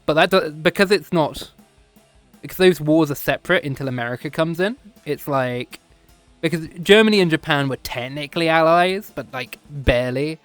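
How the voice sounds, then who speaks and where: British man, slightly high voice; loose, digressive lecturer who laughs at himself; soft music underneath. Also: moderate pace, no room sound. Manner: rambling, digressive, laughs often, self-correcting. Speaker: streamer teaching history. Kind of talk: casual off-the-cuff history lecture. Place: home streaming setup, VR chat session.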